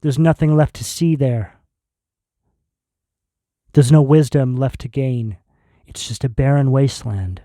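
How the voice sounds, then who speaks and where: A man giving a tarot reading video, speaking in slow, emphatic, intense declarations. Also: medium pitch, dark tone, no room sound, clean studio sound. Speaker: tarot reader.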